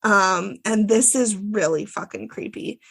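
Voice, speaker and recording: Gravelly-voiced woman podcast co-host. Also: medium pitch, unhurried. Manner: chatty, swears freely, lots of fillers. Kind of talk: casual chat recapping a TV episode.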